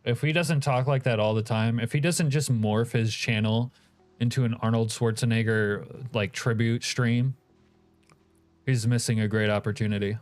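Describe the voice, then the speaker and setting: A man's voice: mid-range voice, fairly even intonation, moderate pace. Joking, rambling male game streamer. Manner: joking, rambling, reacting to chat. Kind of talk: casual live-stream chat.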